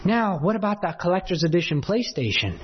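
A man preaching a sermon, telling a personal story in an animated way, his voice swinging between loud bursts and hushed asides. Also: high voice, fairly quick, in a large hall, slight background noise. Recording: dull lo-fi sound.

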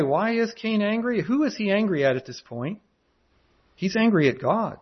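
A man who preaches in jail gives a conversational sermon, often repeating his words as he goes. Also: on the high side. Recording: dull lo-fi recording.

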